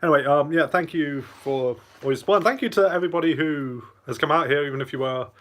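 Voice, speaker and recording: Between mouthfuls of lunch, this channel host reads chat out loud and rambles through a relaxed live Q&A. His voice is fairly high-pitched and a bit bright, and he talks fast.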